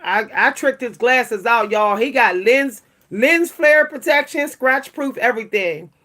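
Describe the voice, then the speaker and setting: A woman's voice: on the high side, animated, unhurried, a bit bright. An older woman chatting casually to camera as a vlogger and writer, laughing often and restarting her sentences.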